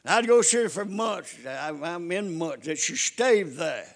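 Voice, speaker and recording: An older man preaching a folksy sermon, dropping to hushed storytelling and rising to loud calls to his listeners. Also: high-pitched, lively intonation, unhurried. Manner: repeats calls to the congregation.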